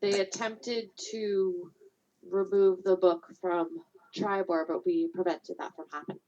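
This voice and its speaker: A woman's voice: fairly low pitch, fairly even intonation, unhurried, dark tone, highs cut off. Chatty woman playing a tabletop game. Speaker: player.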